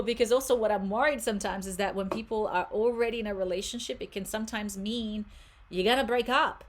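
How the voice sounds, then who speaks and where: A woman giving a casual, chatty tarot card reading to a viewer, animated and quick to laugh, with many fillers and restarts. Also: on the high side.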